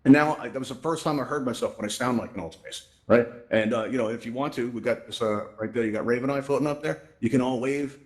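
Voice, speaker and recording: A man hosts a casual virtual-reality help session, moving quickly from point to point. His voice sits at a middle pitch and he keeps checking in with "right?" and "you know". He speaks into a headset microphone. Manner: chatty, tags lines with "right?" and "you know". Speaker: host presenting a VR tutorial event. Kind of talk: casual spoken presentation.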